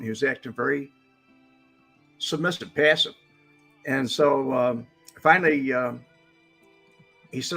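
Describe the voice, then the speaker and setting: An older man with a husky, bright and forceful voice spins a long story as a guest on a casual stream. He wanders through it with plenty of fillers and slips into the voices of the people he quotes, with faint music underneath. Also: mid-range voice, moderate pace, pauses often. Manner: rambling anecdote with fillers, acting out quotes.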